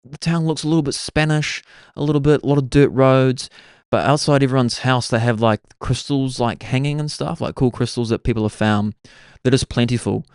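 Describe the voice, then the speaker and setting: Fairly quick and steady in a mid-range voice, a podcast host from New Zealand tells rambling solo stories, dropping "like" and "bro" constantly. The sound is clean studio audio with no room echo.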